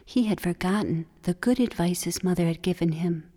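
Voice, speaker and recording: A woman storyteller telling a folk tale for children, expressive, slipping into breathy whispers. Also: fairly low pitch, a little fast. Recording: long hall reverb.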